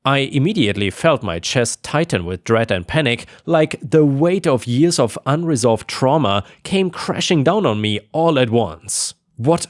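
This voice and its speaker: A man narrates a tense first-person family story in a dramatic, storytelling manner. His pitch moves a lot as he reads. The recording is dry and close, with no room sound. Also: expressive, a little slow, hardly any pauses, no room sound. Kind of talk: scripted narration of a reddit story.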